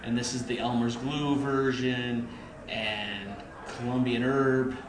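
A man's voice: mid-range voice, little pitch movement, slow, crowd noise. A man co-hosting a casual chat, rambling and poking fun at himself in an echoey room. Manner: rambling, self-mocking. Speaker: podcast co-host.

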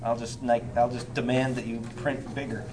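A man's voice: medium pitch, flat delivery, normal speed. Dry wisecracking man in his thirties. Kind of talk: casual chat.

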